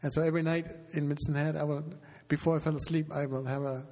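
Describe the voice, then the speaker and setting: A man, a pastor, speaking to his congregation in a halting, emotional way with touches of humor. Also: a little high, level tone, warm tone. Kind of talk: heartfelt address to congregation. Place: church sanctuary. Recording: long reverb of a large hall.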